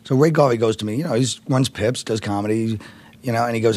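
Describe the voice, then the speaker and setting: A man from Brooklyn, a comedian guest, telling stories in an animated, rambling way and laughing often. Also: mid-range voice, fast talker. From Brooklyn, New York. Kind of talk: casual interview storytelling.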